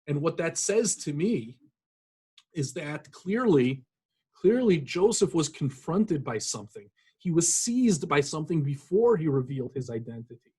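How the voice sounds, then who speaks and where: A rabbi giving an earnest, reflective sermon, pausing often with fillers and restarts. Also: male voice, on the high side, sing-song, dark tone, breathy edge. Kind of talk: sermon with scripture reading.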